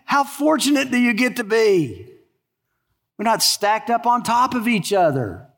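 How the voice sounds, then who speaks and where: An older man preaching a sermon in a folksy, animated way, full of stories and rhetorical questions. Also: extremely high pitch, a little slow. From American South. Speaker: pastor.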